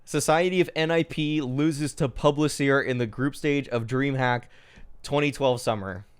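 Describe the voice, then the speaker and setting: Excitable young man with a smooth voice. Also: medium pitch, unhurried. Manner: excitable, exasperated, swears, many fillers like "dude". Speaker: streamer reacting to old match. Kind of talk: casual live-stream commentary.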